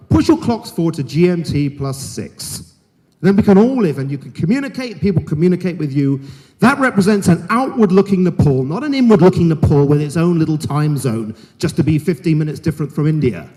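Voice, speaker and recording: Middle-aged guy giving a blunt jokey keynote, lively up-and-down voice, big echoey hall. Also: on the high side. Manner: frank, jokey and emphatic, talks straight to the audience. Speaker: keynote speaker. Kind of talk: conference keynote speech. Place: large conference hall. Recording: hall reverb.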